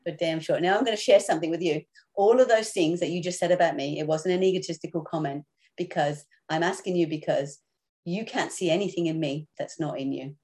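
A woman's voice: deep voice, a little fast, dark tone. A woman in her sixties, a guest on a podcast, speaking frankly and swearing freely as she talks about her own hard times. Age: 60s. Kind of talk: candid conversational interview.

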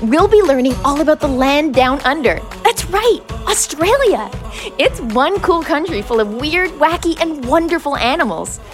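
A woman's voice: high voice, animated, moderate pace, soft background music. A woman hosting a children's wildlife show, presenting in a bubbly, playful way with comic asides. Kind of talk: playful scripted presenting for kids.

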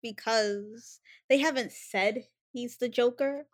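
A woman's voice: fairly high pitch, slow. A woman in a casual chat, recapping a TV episode and acting out the characters' lines. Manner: chatty, acts out characters' lines while retelling.

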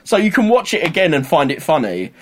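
Lively man chatting, higher voice. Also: a little fast, slight background noise. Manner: animated, rambling, laughs often. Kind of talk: casual chat.

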